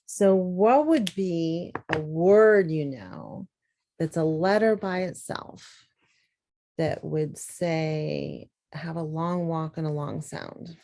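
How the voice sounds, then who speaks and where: Slow lowish woman teaching phonics, sounds out words patiently. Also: dark tone. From Southern US.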